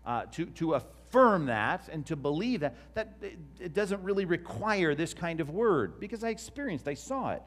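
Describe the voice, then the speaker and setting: A man's voice: fairly high pitch, big pitch swings, moderate pace, hardly any pauses. A man, a pastor giving a conversational teaching sermon to a live congregation and asking them questions. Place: church before a live congregation.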